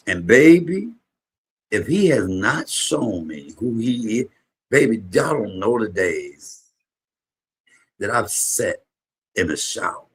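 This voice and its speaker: A man hosting a livestream, giving an emotional, preacher-like testimony to his viewers, shifting from low murmurs to high exclamations. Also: husky. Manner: preacherly, call-and-response to viewers. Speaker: livestream host, comedian.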